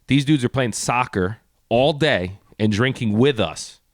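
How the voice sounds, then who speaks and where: This podcast co-host has a mid-range voice and a measured pace, recorded on a studio mic with no echo. Chatting casually, he tells a story with animation, acting out the characters involved.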